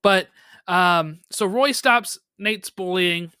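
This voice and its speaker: A podcast co-host in a casual recap chat, talking in animated quick bursts and laughing often. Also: medium pitch, clean tone, no echo, clean studio sound.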